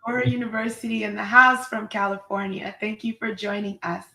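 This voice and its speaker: A woman's voice: mid-range voice, steady tone, brisk, gravelly, bright, forceful tone, reverberant, poor audio. A woman hosting a live online talk show, effusive and upbeat as she introduces her guest. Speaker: host.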